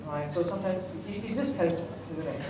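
A man's voice: sits high, fast talker, background noise. A middle-aged man with a Malaysian English accent giving a humorous public talk, telling anecdotes and quizzing his audience. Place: large hall at a festival. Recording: echoey hall, mic at a distance.

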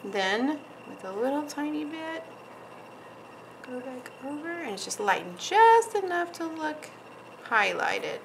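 A woman's voice: high-pitched, sing-song, unhurried, gravelly, slight background noise, low-quality recording. A woman hosting a nail art tutorial, chatting casually and giggling as she paints, often trailing off mid-sentence while she concentrates. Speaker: nail artist, channel host.

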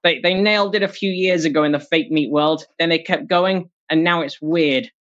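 A stand-up comedian performing a set over a video call from home, animated, slipping into mocking put-on voices and laughing at their own jokes. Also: medium pitch, moderate pace. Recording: dull lo-fi call audio.

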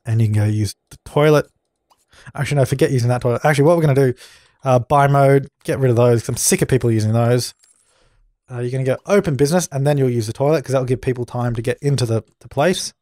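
A man's voice: mid-range voice, quick pace, darkish tone, dry recording, studio quality. A young man doing let's play commentary, bossy and exasperated as he scolds the characters on screen. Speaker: gaming channel host.

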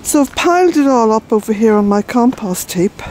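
A woman's voice: a little high, expressive, normal speed, darkish tone, slight background noise, poor audio. An older woman from Ireland, a vlogger chatting outdoors in her garden, out of breath and rambling with fillers. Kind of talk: casual walk-and-talk narration.

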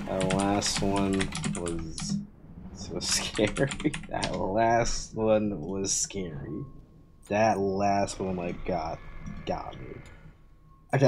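A young man talks loosely over his gameplay in a lowish voice, rambling with loose fillers, laughing at himself and swearing. Faint keyboard clicks and typing sit behind him. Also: slow pace, a little mellow, a little hiss or hum. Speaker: gaming video host. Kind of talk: casual gameplay commentary.

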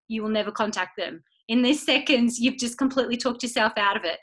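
A woman's voice: on the high side, fairly quick, hardly any pauses, a bit bright, rough recording. A young woman giving a chatty motivational talk to her team, acting out little inner voices and phone calls. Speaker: team leader speaking to her business team.

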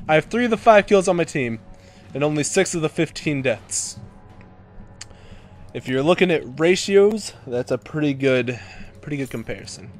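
A young man talking over his own gameplay with a lively, swinging voice that jumps from mutters to shouts, cursing freely. His pitch sits a touch high for a man. Faint music plays underneath. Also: normal speed. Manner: excitable, swears and shouts at teammates. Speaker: gameplay commentator. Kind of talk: live gameplay commentary.

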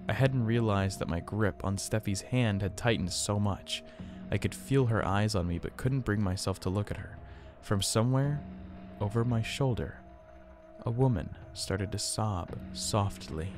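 Male horror narrator, low-pitched, tense hushed delivery over faint music. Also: measured pace. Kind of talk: scripted horror story narration.

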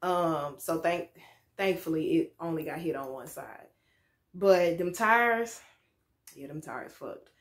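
In a lit-up room at home, a young woman vlogs casually, her voice low and her pace slow. She tells a frank, candid story, swearing freely and laughing now and then.

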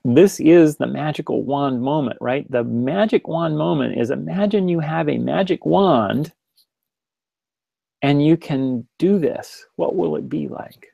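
A man's voice: medium pitch, vocal fry, mellow, dry recording, lo-fi sound. A man presenting a webinar in a casual, rambling way, full of restarts and direct questions to his listeners. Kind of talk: casual spoken webinar lecture.

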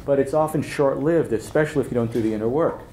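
A man's voice: medium pitch, quick pace, heavy background noise. A man giving a live workshop talk, telling anecdotes in a conversational, joking way and checking in with his audience. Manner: anecdotal, joking, chuckles at own stories. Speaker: workshop speaker. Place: workshop room at an event. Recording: roomy event hall with faint ambience.

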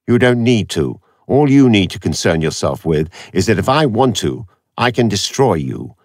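A man's voice: lowish voice, sing-song, moderate pace, a little mellow, no echo, pitched above the performer's own voice. A man voicing a cold, sardonic computer expert with a dry, cutting, detached manner.

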